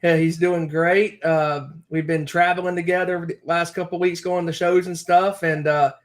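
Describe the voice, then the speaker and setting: A man's voice: on the high side, flat delivery, normal speed. A man co-hosting a wrestling podcast, talking in a rambling, heartfelt way full of fillers. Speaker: podcast co-host. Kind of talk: casual chat.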